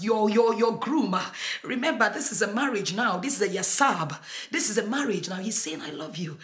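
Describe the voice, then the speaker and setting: A woman pastor preaching a sermon with call-and-response and bursts of speaking in tongues, emphatic and repetitive, often filling pauses with "uh". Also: fairly high pitch, fairly bright tone. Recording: echoey church room.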